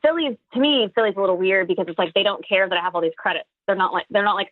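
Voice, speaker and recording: A woman's voice: medium pitch, no echo. A woman comedian talking as a podcast guest, emphatic and full of restarts, over a phone call. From Texas. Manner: fast, emphatic, many restarts. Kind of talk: casual interview chat. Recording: tinny phone line.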